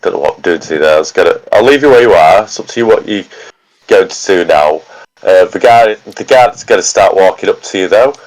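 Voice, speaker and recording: A man's voice: deep voice, lively intonation, brisk, rough recording. Laid-back man running a tabletop game. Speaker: game master.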